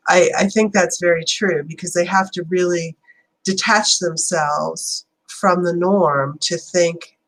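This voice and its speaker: A woman hosting a spiritual channeling livestream. She chats loosely with fillers, then slows into a prayerful invocation. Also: on the low side, rough recording. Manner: chatty and rambling, then slow and prayerful.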